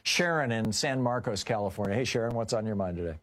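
A man hosting a call-in radio talk show, briskly steering callers along and moving to the next one. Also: lowish voice, expressive, fairly bright tone.

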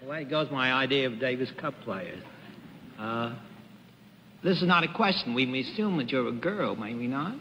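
A man's voice: medium pitch, lively intonation, moderate pace, fairly bright tone, dull audio, slight background noise. A man asking wry questions as a panelist on a 1950s game show. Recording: old broadcast audio in a hall.

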